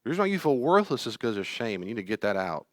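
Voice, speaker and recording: A man's voice: mid-range voice, very animated, racing, no room sound, clean studio sound. A middle-aged man, a therapist teaching a class, telling personal stories in an earnest, pleading way. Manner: earnest, pleading, acts out quoted voices.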